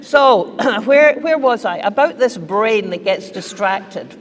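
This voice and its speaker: Slow-speaking woman giving a keynote. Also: medium pitch, lively intonation, in a large hall. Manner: conversational, repeats key phrases for emphasis. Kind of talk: conference keynote talk to parents.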